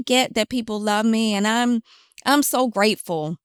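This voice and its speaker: A woman guest telling her story candidly in an interview, emphatic and animated when she quotes herself. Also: a little high, moderate pace, clean tone, no room sound, clean studio sound.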